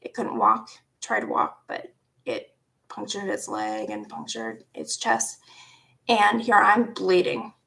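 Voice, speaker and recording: A woman around forty casually telling a personal story, animated, laughing often and dropping into hushed asides. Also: medium pitch, slow pace, gravelly. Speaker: vlogger.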